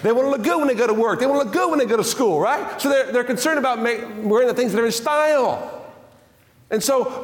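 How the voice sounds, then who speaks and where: A man preaching a sermon, emphatic and repetitive, dropping his voice low and slow for scripture. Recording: echoey hall with long reverb.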